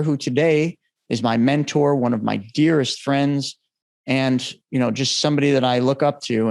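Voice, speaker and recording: Earnest man telling a personal story. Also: a little mellow. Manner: earnest and emotional, dropping low for heavy moments. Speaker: podcast host.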